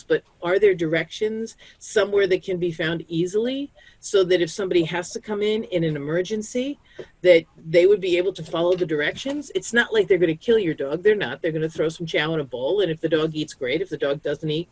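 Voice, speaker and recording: A woman's voice: on the low side, brisk, darkish tone, slightly rough, no echo. A woman on a community call, giving chatty advice on pet care and acting out the voices of people she quotes. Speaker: pet disaster-planning speaker.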